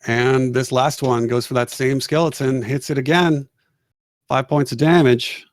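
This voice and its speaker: A man's voice: mid-range voice, fairly even intonation, no room sound. Man running a tabletop game, dry sound. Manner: jokey, halting, restarts often. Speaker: game master.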